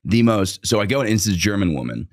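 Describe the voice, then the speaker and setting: A man's voice: on the low side, sing-song, quick pace, no room sound, clean studio sound. A young man telling a rambling comedic story in casual chat, laughing mid-sentence and swearing often. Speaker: storyteller guest.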